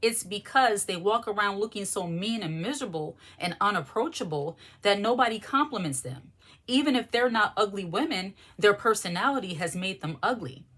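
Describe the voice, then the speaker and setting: A woman's voice: medium pitch, animated, moderate pace, a bit bright. A woman vlogger giving frank, emphatic advice in a loose, conversational monologue. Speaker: lifestyle vlogger. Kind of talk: candid monologue to camera.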